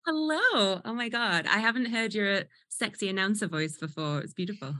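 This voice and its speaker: Well-spoken english woman in her 30s, chatty, laughs a lot, bright tone. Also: medium pitch, animated, normal speed, no echo, clean studio sound. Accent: well-spoken northern English. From England. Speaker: guest. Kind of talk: casual chat.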